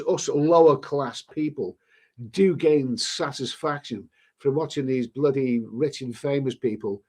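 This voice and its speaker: A man's voice: medium pitch, a little mellow. A middle-aged man with a British accent chatting casually on a livestream, rambling with restarts and mild swearing. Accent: British English. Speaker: travel vlogger hosting a livestream. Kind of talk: casual livestream chat reading viewer messages.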